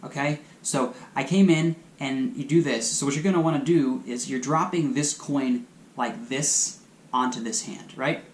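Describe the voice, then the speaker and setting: A man at a middle pitch explains a sleight step by step in a relaxed, chatty way. He sounds like he is in a room with a lot of echo. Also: a little slow. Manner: chatty and instructive, talks viewers through hand moves. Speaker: magic channel host. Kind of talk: casual video tutorial. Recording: echoey room.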